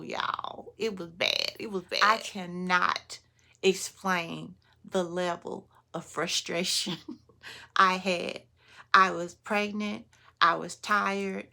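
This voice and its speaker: A woman vlogger telling a story in a casual, animated way, often laughing and talking straight to her viewers. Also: on the low side, gravelly.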